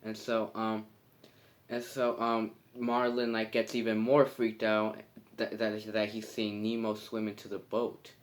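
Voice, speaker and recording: A man casually retelling a film's plot, halting and full of fillers and restarts. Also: lowish voice, monotone. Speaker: movie reviewer.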